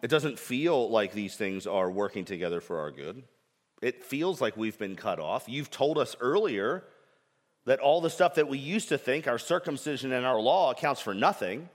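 A man's voice: mid-range voice, expressive, moderate pace, big-room sound. A man preaching a sermon with earnest emphasis and frequent rhetorical questions. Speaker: pastor.

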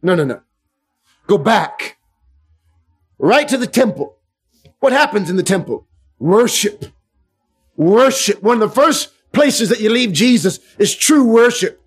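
Fervent high-voiced male preacher. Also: lively intonation, unhurried, pauses often, slightly rough. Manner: fervent, swings from hushed to loud. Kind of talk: sermon.

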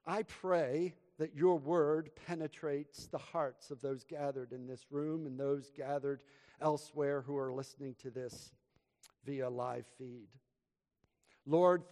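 A man preaching and praying in a slow, deliberate way, voice a touch high for a man. He swings between loud emphasis and hushed lows. The long reverb of a church hall trails each phrase from his pulpit mic. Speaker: pastor. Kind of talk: sermon and prayer. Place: church sanctuary.

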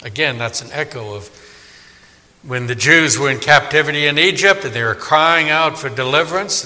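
A man's voice: mid-range voice, long reverb tail. A man preaching a conversational Bible sermon, often asking his listeners questions. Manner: animated, conversational, asks the audience questions.

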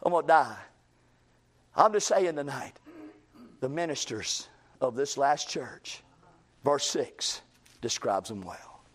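A man's voice: medium pitch, slow pace, long pauses. A man preaching a sermon in a folksy, emphatic way, repeating phrases and quoting imagined critics.

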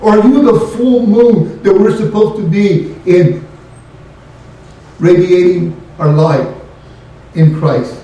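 Here a man with a high-pitched, dark voice delivers a sermon, pressing his congregation with emphatic questions and repeated key phrases. It sounds captured from a distant mic in a very echoey room.

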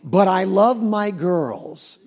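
A middle-aged man, a pastor, preaching in a folksy, animated storytelling way with asides. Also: high-pitched, takes it slowly. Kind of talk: sermon.

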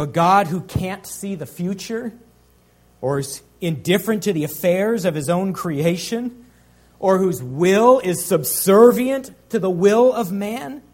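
A man preaching a sermon as pastor, earnest, slowing and swelling on key phrases. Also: fairly high pitch.

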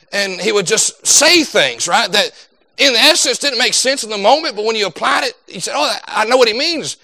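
A young man preaching a sermon, animated and dropping into quoted voices. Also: high-pitched, no room sound.

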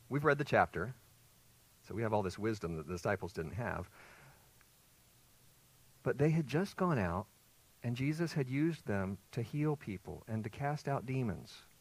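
A man's voice: medium pitch, very animated, measured pace, long pauses, husky. A male pastor preaching an expository sermon, emphatic and putting rhetorical questions to his congregation.

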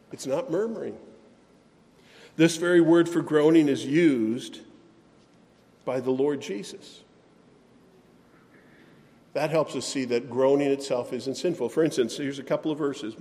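A man's voice: on the high side, darkish tone. A man preaching from the pulpit with a slightly raised voice, his words carrying with a long reverb through a church hall. He talks in an earnest, emphatic way, slipping in sighs and self-deprecating asides. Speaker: pastor. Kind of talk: sermon.

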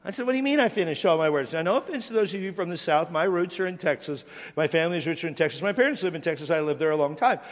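A man's voice: fairly high pitch, lively intonation, racing, few pauses. A middle-aged American man preaching a sermon, telling stories from his life in a conversational way and repeating place names. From United States. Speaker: pastor. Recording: long hall reverb.

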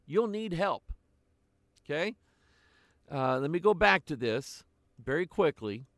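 An older man preaching a sermon in a slow, deliberate way, with frequent pauses. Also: on the high side, big pitch swings, fairly bright tone, no echo, studio quality.

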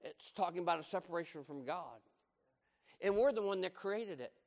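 An older man preaches with emphasis, driving his points home by repeating them. His voice sits high for a man. A long reverb trails each phrase. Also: expressive, normal speed. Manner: emphatic, repeats key lines, acts out quoted voices. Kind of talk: sermon.

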